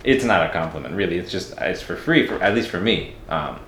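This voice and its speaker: Deep-voiced Mexican-born man, reflective. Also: lively intonation, a little fast, a bit bright, roomy sound, slight background noise. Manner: reflective and candid. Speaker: podcast guest. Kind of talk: casual interview talk.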